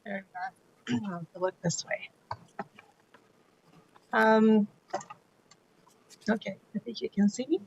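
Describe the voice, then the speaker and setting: A woman's voice: mid-range voice, slow, long pauses, a little mellow, breathy edge, low-quality recording. A woman answering at a hearing over a video call, hesitant and full of fillers but good-humored. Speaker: defendant at a hearing. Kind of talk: hearing testimony.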